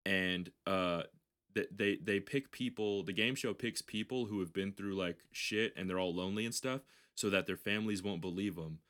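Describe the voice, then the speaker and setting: Deep-voiced man telling a story. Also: moderate pace, fairly bright tone. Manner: rambling, profane storytelling with restarts. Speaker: podcast host. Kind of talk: casual chat.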